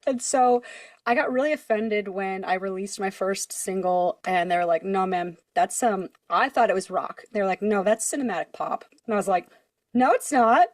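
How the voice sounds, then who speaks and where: Young woman, singer, podcast co-host, animated storyteller, acts out quotes, dry close sound. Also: mid-range voice, moderate pace, no room sound. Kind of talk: casual chat.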